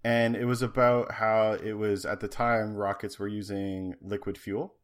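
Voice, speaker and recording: Podcast guy, kinda low voice, rambly storytelling w lots of ums. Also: fairly even intonation, unhurried. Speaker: podcast co-host. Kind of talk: casual chat.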